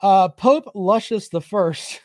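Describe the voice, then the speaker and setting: A man's voice: sits high, takes it slowly, a little mellow, dry recording, studio quality. A man hosting a casual sports chat show, reading viewer comments and joking with profanity and trash talk.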